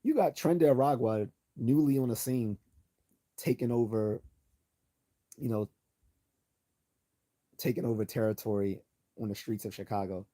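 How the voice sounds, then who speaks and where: Hoarse man with a dark, low voice. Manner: blunt, sarcastic. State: hoarse, losing his voice. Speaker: livestream host. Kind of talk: opinionated late-night livestream commentary.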